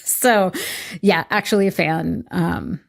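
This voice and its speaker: A woman's voice: on the low side, takes it slowly, vocal fry. A woman in her forties with a light Boston accent, an author talking casually on a podcast, laughing often and using many "like"s. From Massachusetts, USA. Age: 40s. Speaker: author guest. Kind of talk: podcast interview.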